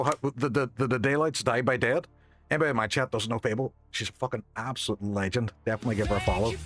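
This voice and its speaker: A man's voice: medium pitch, fairly even intonation, fast, a bit bright. A young Northern Irish man chatting casually while livestreaming a game, thanking viewers and swearing now and then. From Northern Ireland. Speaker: streamer. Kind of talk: casual game streaming chat. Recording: faint background music.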